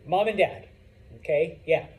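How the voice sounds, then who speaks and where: A man's voice: fairly high pitch, very animated, unhurried, a little mellow, poor audio. A man teaching a Spanish vocabulary lesson to a class, chatty, with joking asides and frequent "okay?" check-ins.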